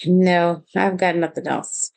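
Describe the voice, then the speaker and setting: A woman co-hosting a podcast, chatting casually about a reality show and often pausing to search for words. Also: fairly low pitch, steady tone, gravelly, a little mellow. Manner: hesitant, searching for words, many ums. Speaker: podcast co-host. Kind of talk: casual reality-TV recap chat.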